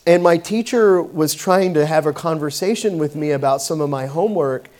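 A man delivers a sermon in a relaxed, conversational way, leaning on fillers and restarting his sentences as he goes. His voice sits a bit on the higher side for a man. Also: moderate pace. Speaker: pastor. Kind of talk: sermon with personal story.

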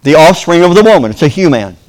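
A man's voice: a little high, sing-song, quick pace, darkish tone. A man preaching a sermon in a folksy, playful way, calling for amens from the congregation. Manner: folksy, playful, acts out voices and a "ding" sound; calls for amen from the congregation.

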